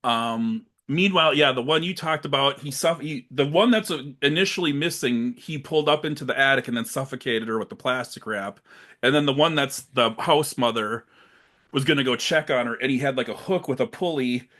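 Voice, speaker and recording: A man's voice: mid-range voice, a little fast, a bit bright. A man co-hosting a podcast, casually recapping a horror film and acting out its lines in funny voices. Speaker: podcast co-host.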